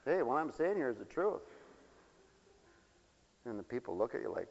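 A man preaching a sermon in a folksy storytelling way, dropping to low mutters and rising to loud high exclamations. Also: big pitch swings, normal speed, creaky. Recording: dull lo-fi broadcast with long hall reverb.

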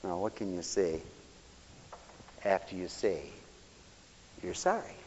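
A male preacher giving a sermon for radio, animated and swinging from loud exclamations to hushed tones. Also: sits low, takes it slowly, a little hiss or hum. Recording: dull, echoey church recording.

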